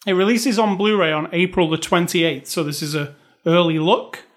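A man's voice: high voice, fairly even intonation, normal speed. A British man co-hosting a movie podcast in casual chat, dry and joking with frequent fillers. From Britain. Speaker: podcast co-host.

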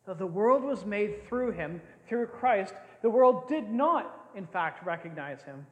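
A man's voice: high voice, animated, a little slow. An older man preaching a sermon as a pastor, playful and often laughing as he acts out scenes. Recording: echoey hall with long reverb.

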